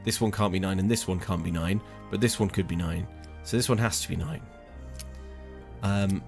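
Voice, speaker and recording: A man's voice: fairly low pitch, gravelly. A young man giving casual gameplay commentary, thinking aloud and muttering in exasperation over puzzles. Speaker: let's play streamer.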